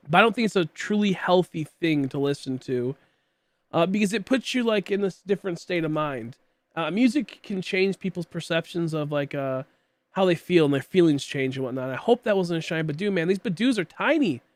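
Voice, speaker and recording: High-pitched and lively in intonation, a man in his late twenties rambles a little fast during a casual game stream, packing in fillers. He coughs from time to time because of a tickly throat, captured in a dry recording.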